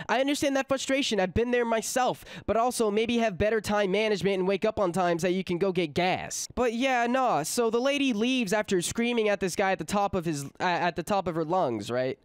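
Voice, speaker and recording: A man's voice: high voice, expressive, normal speed, no echo, studio quality. A man vlogger telling a casual storytime in a chatty way with lots of fillers. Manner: chatty, many fillers and asides.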